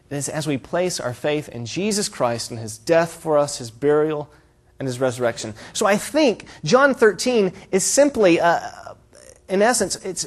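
A male pastor delivering a sermon, his voice sitting fairly high for a man. He explains the passage earnestly and step by step, pressing on the points he wants the congregation to hear. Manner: earnest, explanatory preaching with emphatic rises.

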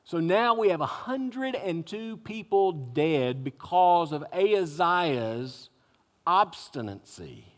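Slow, animated preacher man in echoing hall. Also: sits high. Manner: dramatic storytelling with wry humorous asides. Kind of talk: expository sermon. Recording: echoey hall.

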